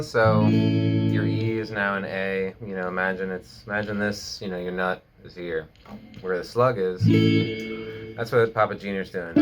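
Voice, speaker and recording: A man giving a casual guitar lesson at home, joking and laid-back, with slow speech full of fillers. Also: lowish voice, a bit bright. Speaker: guitar teacher. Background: guitar playing.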